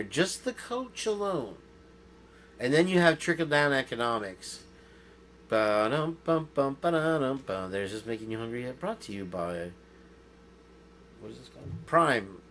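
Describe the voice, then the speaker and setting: A man's voice: medium pitch, a bit bright, a little hiss or hum. Rambling jokey male podcast host. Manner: rambling, jokey, often laughs at himself. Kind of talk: rambling casual podcast chat.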